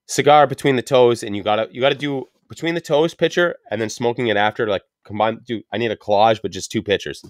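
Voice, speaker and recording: A man's voice: medium pitch, fast talker, hardly any pauses, dry recording, studio quality. A young adult man hosting a casual cigar podcast, rambling and joking crudely as he tells stories. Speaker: podcast host.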